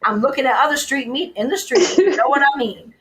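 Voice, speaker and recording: A woman, a guest telling wry, animated stories in casual chat. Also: sits high, a little fast, a little hiss or hum, rough recording. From New Orleans, USA. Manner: animated, wry, laughing asides. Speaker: guest, food writer.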